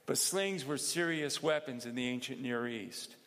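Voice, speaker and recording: A man preaching a sermon in a measured, explanatory way, pausing for asides. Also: mid-range voice, a bit bright. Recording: long reverb in a hall.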